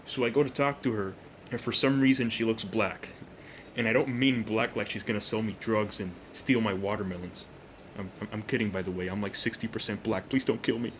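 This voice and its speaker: A young man hosting a storytime vlog, rambling and jokey, with deadpan asides. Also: on the low side, a little fast, slight background noise. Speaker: YouTuber storyteller.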